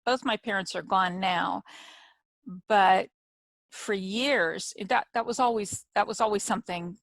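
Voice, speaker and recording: A woman author hosting an interview, telling stories in an animated, chatty way. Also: mid-range voice, a little slow, vocal fry, dry recording. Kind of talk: casual conversational interview.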